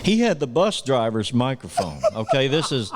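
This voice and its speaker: A man at an ordinary pitch tells long, rambling road stories, agreeing often with short yeahs and mm-hmms. Faint background noise sits under his voice. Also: very animated. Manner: drawn-out storytelling with frequent affirmations. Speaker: guest, former producer. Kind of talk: casual reminiscing chat.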